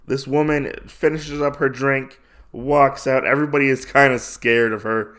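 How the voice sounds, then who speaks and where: A man's voice: medium pitch, fairly even intonation, moderate pace, fairly bright tone. A man hosting a podcast, casually recapping a comic in a rambling way with lots of fillers. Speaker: podcast host.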